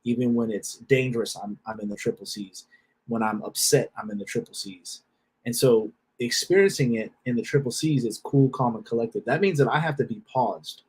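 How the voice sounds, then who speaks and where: Husky man, blunt and profane, repeats himself: self-help speaker. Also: mid-range voice, normal speed, a little mellow, poor audio. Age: adult with a wife and children. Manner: repeats phrases, restarts. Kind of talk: casual motivational talk.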